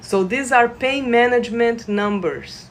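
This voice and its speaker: A woman leading a live energy-healing session, guiding listeners with gentle instructions and sudden bursts of excited laughter. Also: fairly high pitch, unhurried. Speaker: reiki practitioner. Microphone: phone livestream.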